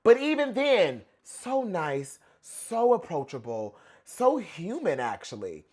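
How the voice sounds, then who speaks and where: A young man giving casual pop culture reaction commentary in an animated, gossipy way. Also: high voice, takes it slowly, husky. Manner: animated, gossipy, dramatic outbursts.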